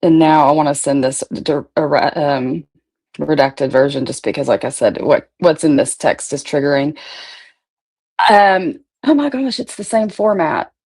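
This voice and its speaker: A woman's voice: deep voice, lively intonation, a little slow, a little mellow, husky. Chatty woman livestreaming. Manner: chatty, greets viewers by name, swears freely. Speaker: livestream host. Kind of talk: casual livestream chat.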